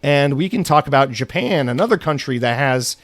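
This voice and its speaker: A man's voice: mid-range voice, lively intonation, fairly quick, no echo. A man hosting a solo podcast, ranting angrily with lots of swearing and then reading news. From United States. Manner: angry, profane ranting with swearing. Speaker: podcast host.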